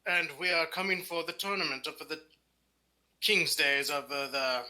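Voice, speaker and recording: Bright-voiced man playing a formal noble. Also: on the high side, moderate pace. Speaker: player. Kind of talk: playing a noble in a tabletop game.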